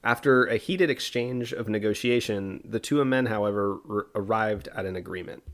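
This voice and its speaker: A man co-hosting a podcast, telling a history story in a relaxed way with asides and fillers. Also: fairly low pitch, normal speed. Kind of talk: casual history podcast narration.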